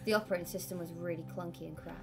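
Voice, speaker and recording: A woman's voice: fairly low pitch, fairly even intonation, racing, gravelly, over music. A woman co-hosting a casual gaming news chat, blunt and teasing. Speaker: co-host.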